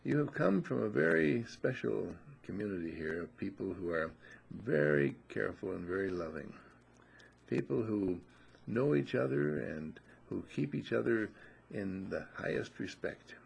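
Stern old toad guarding the pond, firm refusals, lively delivery, as a man puts him on. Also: fairly low pitch, measured pace, gravelly, slightly rough, full character voice.

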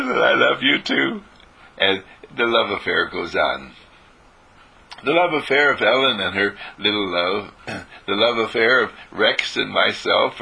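A man giving an informal spiritual talk, telling stories and repeating phrases for emphasis, clearing his throat now and then. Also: fairly low pitch, bright, forceful tone.

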